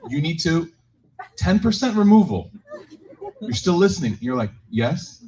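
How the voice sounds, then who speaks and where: A man's voice: a little high, a little hiss or hum, poor audio. A man, an imam, telling a joking story to a live community group and then leading a closing prayer. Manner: animated, joking storyteller who shifts into slow closing prayer. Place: community gathering room with listeners.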